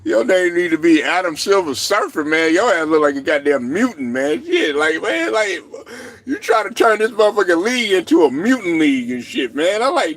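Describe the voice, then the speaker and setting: Guy ranting about basketball, AAVE, high voice that swings all over, laughing and cussing. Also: normal speed. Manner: animated, laughs a lot, swears constantly, rants. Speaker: sports show host. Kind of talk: profane sports commentary monologue.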